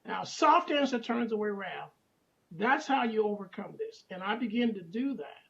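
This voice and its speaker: A man's voice: high voice, animated, moderate pace, creaky, a bit bright, lo-fi sound. A man in his sixties, a talk show guest, speaking earnestly and repeating words as he searches for them. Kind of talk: casual testimony on a talk show.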